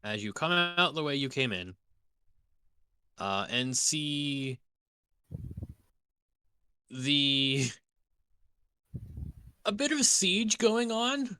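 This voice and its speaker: A man narrating as game master in a tabletop role-playing game, halting and correcting himself often. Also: fairly high pitch, very animated, pushed and bright, clear, resonant tone. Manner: halting, full of ums and self-corrections.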